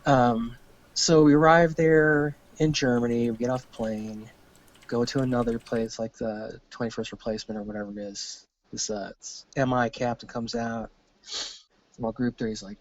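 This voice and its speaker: Guy telling an army story on a podcast, cursing, doing everyone's lines, middling pitch, muffled recording. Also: moderate pace, no echo. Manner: animated, profane, acts out quoted dialogue. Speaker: podcast guest, army veteran. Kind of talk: casual storytelling.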